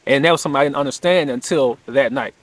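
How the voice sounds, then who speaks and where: A man's voice: mid-range voice, quick pace, no echo. A young man earnestly telling a personal story, reflective, restarting often, sometimes rising sharply as he relives his disbelief. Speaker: podcaster sharing personal story.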